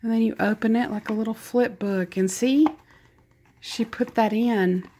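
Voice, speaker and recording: A woman's voice: on the high side, steady tone, a little slow, mellow. A woman with a Southern US accent chatting casually as she opens a craft gift package, gushing and laughing at herself. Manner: gushing, self-deprecating, chatty. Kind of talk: casual unboxing chat.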